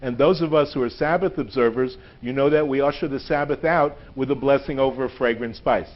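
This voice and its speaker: A man's voice: medium pitch, fairly quick. Joking man lecturing, lo-fi recording. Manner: jokey, chatty teacher who laughs at his own puns. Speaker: guest lecturer. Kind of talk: live lecture to a group. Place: synagogue hall. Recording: dull lo-fi phone recording.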